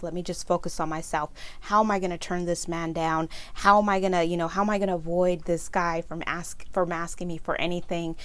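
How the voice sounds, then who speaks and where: A woman's voice: on the low side, a bit bright, dry recording. A woman from California telling a personal story to camera, growing emotional and tearful as she speaks, quoting her own thoughts aloud. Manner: emotional, breaks into tears and apologizes while telling the story. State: tearful, voice breaking. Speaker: nonprofit founder and vlogger.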